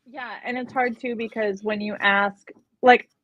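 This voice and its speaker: A woman's voice: a little high, fairly even intonation, measured pace, fairly bright tone. A young woman, a guest and personal brand coach, chatting casually in an interview with lots of "like" and "um". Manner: chatty, frequent "like" and "um". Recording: tinny phone-like audio.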